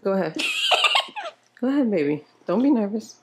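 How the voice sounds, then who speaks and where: A woman's voice: medium pitch, wildly swooping pitch, moderate pace. A young woman vlogging at home, chatting casually with viewers and patiently coaching her child through reading. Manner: chatty, talks to viewers directly. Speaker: mom vlogger. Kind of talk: casual home vlog chat. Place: apartment home. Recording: noisy home recording with clicks.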